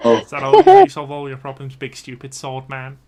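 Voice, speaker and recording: A man's voice: medium pitch, wildly swooping pitch, brisk, mellow, pitched above the performer's own voice. A man voicing a furious, bossy little male goblin who rants at travellers from a fantasy game. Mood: taunting. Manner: ranting, jumping up and down in rage.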